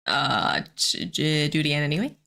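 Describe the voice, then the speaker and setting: Bright, giggly woman streamer. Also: low voice, lively intonation, moderate pace, vocal fry. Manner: giggly, rambling with many fillers. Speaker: streamer and host. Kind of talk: casual live-stream chat. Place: at home.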